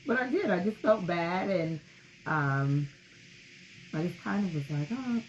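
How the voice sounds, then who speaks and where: A woman's voice: on the low side, measured pace. A woman co-hosting a grief podcast, openly telling her own story in a reflective way. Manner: open, reflective, lively storytelling. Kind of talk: casual podcast talk about grief. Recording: slightly muffled with faint background noise.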